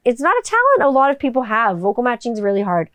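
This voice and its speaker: A woman hosts her own podcast in a casual, jokey, profane solo chat, talking about her kids and her work as a voiceover artist. Her high-ish, slightly bright voice swoops wildly in pitch as she talks fast, with no room sound.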